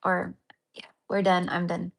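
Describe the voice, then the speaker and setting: Gravelly and lowish, this woman's voice is completely flat and measured as she casually chats with viewers on a spiritual healing livestream. She keeps restarting sentences, rambles, relies on fillers and repeatedly calls her audience honey and my love.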